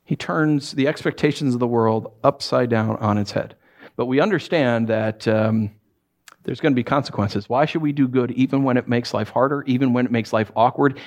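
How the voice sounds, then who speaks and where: A male pastor delivers a casual, meandering sermon in an ordinary mid-pitched voice. He talks the way he would in conversation, with plenty of "uh" and restarts. He slips readily into quoted voices and dry humor to make his point. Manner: conversational, animated preaching with many fillers and self-corrections; swings into acted quotes and wry humor.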